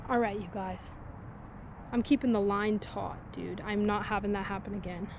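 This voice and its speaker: A woman's voice: mid-range voice, steady tone, normal speed. A young woman in casual vlog talk, fishing by the water and joking with her viewers in a chatty way. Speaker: fishing vlogger. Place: outdoors by the water. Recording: faint outdoor background noise.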